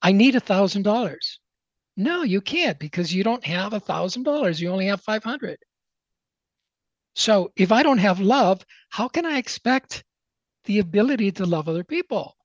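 A man speaking as an interview guest, telling a motivational story in an emphatic, animated way. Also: high voice, moderate pace, dry recording, highs cut off.

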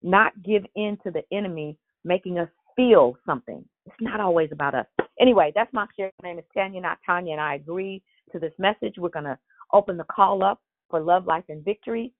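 This woman hosts a church prayer call line, warm and encouraging, her speech carrying a sermon-like rhythm. Her fairly low voice moves briskly over a tinny phone line with no echo.

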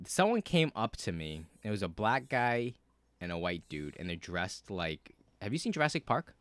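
A man telling a story in casual podcast chat, cursing a lot, with many fillers and animated bursts. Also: fairly low pitch, moderate pace, no echo. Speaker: podcast co-host.

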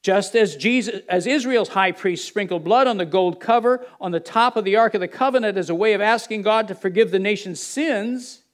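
Preacher, male, high voice, speaks to a congregation with rhetorical questions, hushed asides. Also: moderate pace, few pauses. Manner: drops to a low murmur for quoted dialogue, rises for emphasis. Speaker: pastor. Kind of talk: sermon.

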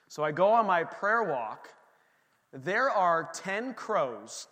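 A man's voice: high voice, pushed and bright, long reverb tail. A middle-aged man, a pastor, preaching a sermon and telling a story, acting out his own reactions.

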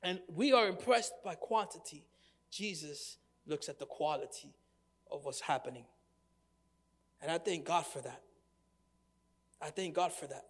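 A man's voice: a little high, measured pace, pauses often, in a large hall. A man preaching a sermon in a conversational way, asking the congregation questions and reading from scripture. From United States. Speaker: pastor.

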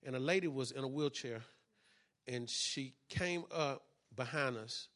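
A man pastor preaching a sermon and telling a testimony in church, using call and response and building from quiet to loud. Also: medium pitch, unhurried.

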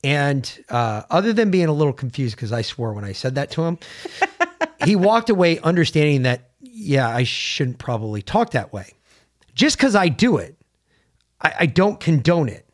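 A man's voice: fairly high pitch, big pitch swings, moderate pace. A man co-hosting a casual opinion podcast, talking bluntly and emphatically and swearing freely. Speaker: podcast co-host.

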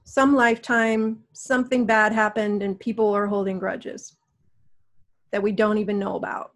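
A middle-aged woman guiding a healing session with slow, soothing, coaxing prompts. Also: medium pitch, flat delivery. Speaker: energy healer guiding a session.

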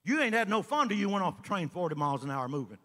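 A man preaching a sermon as an evangelist, folksy storytelling that builds up to shouting. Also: high-pitched, very animated, quick pace, long reverb tail. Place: church sanctuary.

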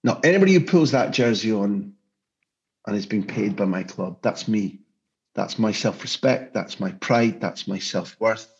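A man's voice: on the low side, lively intonation, moderate pace. A football journalist speaking as a podcast guest, passionate and emphatic, often restarting his sentences. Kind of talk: podcast interview. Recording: dull lo-fi sound.

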